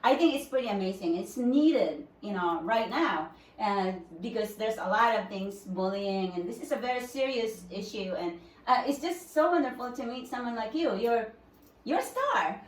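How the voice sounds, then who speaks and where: A woman's voice: on the high side, animated, normal speed. A woman podcast host interviewing a guest, complimentary and chatty with some restarts. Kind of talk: casual interview chat. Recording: roomy, distant mic.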